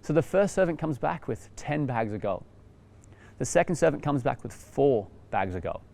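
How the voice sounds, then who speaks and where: A young Australian man, a youth pastor, telling a story in a casual, animated way with lots of fillers and restarts. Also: mid-range voice, normal speed, gravelly.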